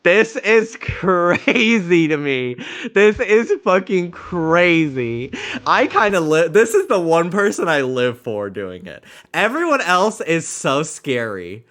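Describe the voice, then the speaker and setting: A male game streamer chatting with his viewers, his pitch swinging wildly as he laughs his way through the talk. He speaks unhurriedly, with casual swearing between the laughs. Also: sing-song, slow pace, fairly bright tone. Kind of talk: casual livestream chat.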